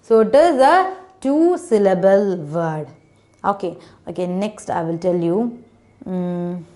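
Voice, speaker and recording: A woman with a warm, medium-pitched voice teaches children phonics slowly and animatedly, spelling words out letter by letter. Her English grammar is non-native, and she frequently asks "isn't it?"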